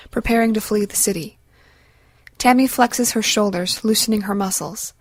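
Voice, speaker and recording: A woman reading an audiobook in a measured, even storytelling voice, close to a studio mic. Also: medium pitch, dry recording. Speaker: audiobook narrator. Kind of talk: scripted audiobook narration.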